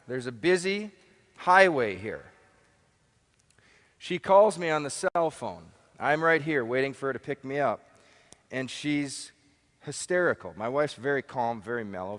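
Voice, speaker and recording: Live on stage, a motivational speaker presses his points with emphasis, repeating key phrases and questioning the crowd. His voice is a bit bright and fairly high, and a long reverb from the hall trails each line.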